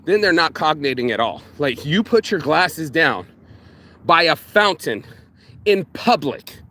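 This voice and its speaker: A man ranting casually to camera, profane and animated, swinging between loud mocking quotes and low, intense asides. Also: a little slow. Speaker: vlogger.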